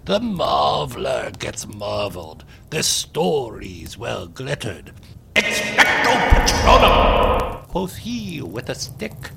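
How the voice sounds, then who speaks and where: A man's voice: mid-range voice, huge pitch swings, slow pace, gravelly, few pauses, fairly bright tone, a little hiss or hum. A man narrating rhymed holiday verse in a sing-song storytelling manner.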